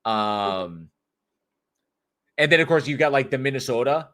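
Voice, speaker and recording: A man's voice: mid-range voice, animated, unhurried, a bit bright. A man hosting a live online talk stage, chatting casually and joking with listeners as he greets them. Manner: chatty, jokey, rambling. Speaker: host.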